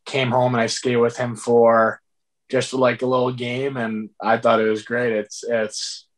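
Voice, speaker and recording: A man's voice: mid-range voice, flat delivery, a little slow. A young man in his twenties, a guest hockey player, chatting casually and laughing as he tells stories. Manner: laid-back, laughs while telling stories. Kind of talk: casual interview chat.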